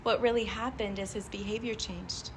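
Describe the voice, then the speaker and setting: A woman giving a live motivational talk to a group, animated and chatty, often laughing and asking the audience questions. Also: medium pitch, normal speed, noisy background. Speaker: motivational speaker addressing a group.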